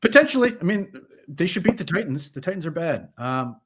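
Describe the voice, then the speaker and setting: A man co-hosting a sports podcast, giving animated, conversational post-game analysis with frequent restarts. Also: on the high side, brisk, noisy background.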